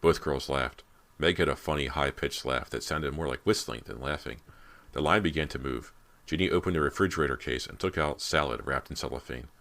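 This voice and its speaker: Man narrating a spooky teen book, super deep voice, steady pace. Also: fairly quick, gravelly. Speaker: audiobook narrator. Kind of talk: scripted narration.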